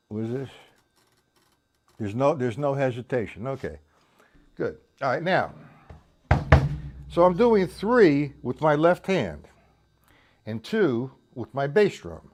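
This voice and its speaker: A man's voice: medium pitch, big pitch swings, takes it slowly, pauses often, darkish tone. Rambling tired male drum teacher. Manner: loose, rambling, counting beats aloud over drumming. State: tired from staying up all night. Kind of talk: live-streamed drum lesson. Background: drum kit playing.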